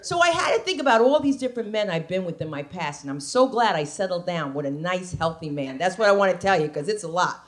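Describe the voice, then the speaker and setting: Sassy woman doing stand-up, lively pitch. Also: fast, few pauses. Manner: sassy, conversational, punchy delivery. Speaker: stand-up comedian. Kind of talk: stand-up comedy set. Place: comedy club stage.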